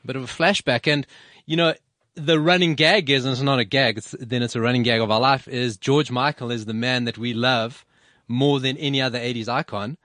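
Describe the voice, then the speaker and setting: A man hosts a radio show in loose, casual chat. His voice sits at an ordinary pitch, and he wanders through his points with frequent restarts. The sound is close and dry. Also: steady tone, brisk, sharp tone, dry recording. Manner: rambling, with many restarts and fillers.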